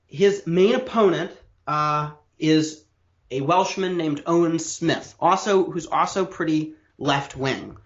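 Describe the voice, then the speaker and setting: A man's voice: fairly high pitch, slow pace, fairly bright tone, highs cut off. Man explaining at length in a roomy room. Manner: lecturing, detailed, with frequent restarts. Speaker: podcast co-host explaining political history. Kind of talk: casual explanatory podcast chat.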